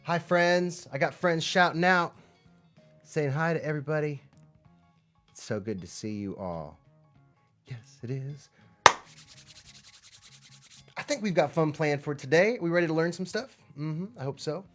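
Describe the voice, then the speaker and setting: A man's voice: fairly high pitch, unhurried, pauses often. Upbeat man leading a kids' lesson. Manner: upbeat and chatty, speaking straight to children; swings from loud excitement to soft near-whispers. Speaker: children's music teacher and host. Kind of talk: live-streamed kids music and movement lesson. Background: faint background music.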